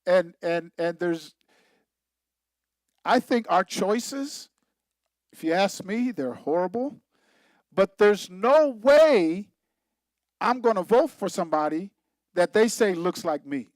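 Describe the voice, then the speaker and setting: A man's voice: high-pitched, animated, takes it slowly, long pauses, no echo, poor audio. A man, a pastor, giving an informal Bible teaching in a conversational, emphatic way, repeating himself and laughing at his own points.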